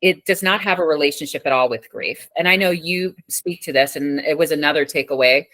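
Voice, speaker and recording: A woman hosting a podcast, talking in a reflective, thoughtful way with pauses and fillers. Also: low-pitched, a bit bright, no room sound. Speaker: podcast host. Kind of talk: reflective interview talk.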